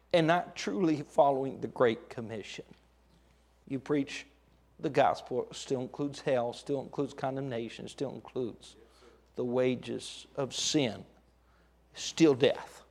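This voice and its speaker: A man's voice: mid-range voice, a little slow, vocal fry, a little mellow. Male preacher, middle-aged, sermon delivery with sudden climbs and acted-out lines. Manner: preaching with dramatic rises, acting out quoted voices. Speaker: pastor.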